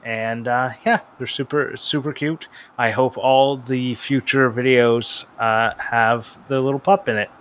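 A man's voice: medium pitch, fairly even intonation, measured pace, hardly any pauses, fairly bright tone. A young man co-hosting a podcast, chatting in an upbeat, casual way. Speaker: podcast co-host. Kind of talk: casual chat.

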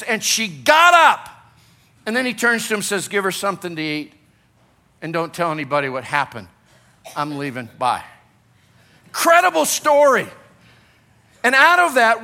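A male pastor delivers an energetic sermon in a very high voice for a man. His tone is bright and forceful, and he keeps drawing the congregation in with rhetorical questions.

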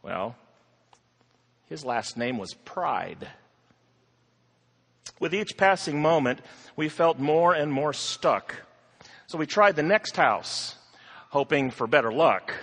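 A man reads a rhyming story aloud in a slow, measured, theatrical way. His voice is bright and slightly husky, and a long reverb hangs on every line as if he were in a large hall. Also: a little high. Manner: expressive and theatrical.

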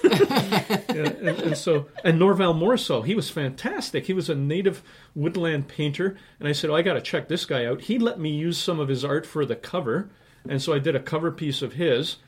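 A man in his sixties from Canada, talking as a guest, wanders through his memories full of fillers and chuckles. His voice sits fairly high for a man, and he tells his stories casually. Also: moderate pace, husky. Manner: rambling, many fillers, laughs at his own stories. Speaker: interview guest, writer and publisher. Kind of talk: casual anecdotal storytelling.

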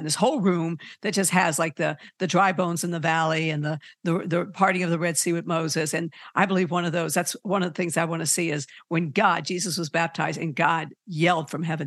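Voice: mid-range voice, a little fast, no echo. Earnest podcast preacher, dry sound. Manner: earnest, animated, many fillers and restarts. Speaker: faith podcast host. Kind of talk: informal preaching.

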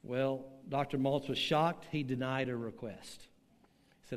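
Older guy preaching, slow dramatic storytelling, big long echo from the hall. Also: medium pitch, flat delivery. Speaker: pastor. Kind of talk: sermon. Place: church hall with online audience.

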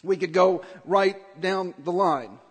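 A pastor preaching a sermon in an earnest, emphatic way, repeating key points. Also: male voice, sits high, slow, slightly rough, long reverb tail.

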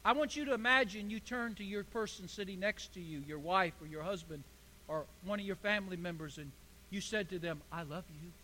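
A man's voice: sits high, fairly quick, sharp tone, slight background noise. A man preaching a sermon as pastor, building to emphatic bursts. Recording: echoey hall.

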